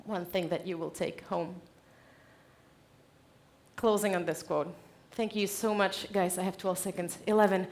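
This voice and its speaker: A woman giving a conference keynote on stage, direct and lively, laughing often. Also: on the low side, unhurried, pauses often, a little hiss or hum. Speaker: conference speaker.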